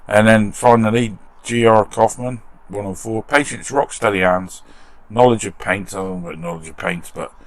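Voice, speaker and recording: Chatty British man with a gravelly low voice. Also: normal speed, few pauses, no echo. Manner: chatty and self-deprecating, laughing at himself. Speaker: model restoration channel host. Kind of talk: casual chat to camera, reading comments. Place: garden shed workshop.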